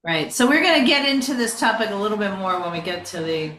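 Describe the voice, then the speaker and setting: A woman's voice: mid-range voice, lively intonation, fast talker, a bit bright. A woman council member chatting in a wry, gossipy way during a neighborhood meeting. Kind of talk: casual meeting discussion. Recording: echoey room with faint background noise.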